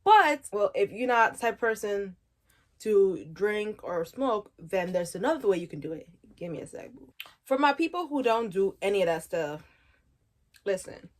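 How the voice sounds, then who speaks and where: Young woman vlogger chatting casual and slangy, frank, cracks herself up, mid pitch. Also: animated, moderate pace. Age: 20s. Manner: frank, slangy, laughs at her own jokes. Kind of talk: casual chat.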